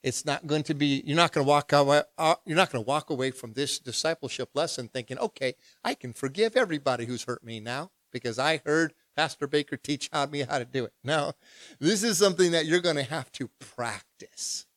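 A man pastor preaching a discipleship lesson in a lively, humorous, conversational way, acting out prayers. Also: a little high, fairly quick, no echo, studio quality. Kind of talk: sermon.

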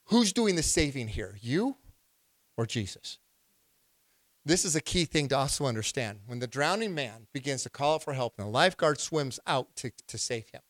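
A male pastor preaching a sermon, asking the congregation questions and building to loud, emphatic bursts. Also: mid-range voice, no room sound.

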